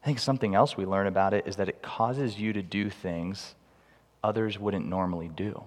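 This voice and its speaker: A man preaching a sermon with humorous, animated storytelling, recorded in a large hall with long reverb. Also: on the low side, normal speed. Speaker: pastor.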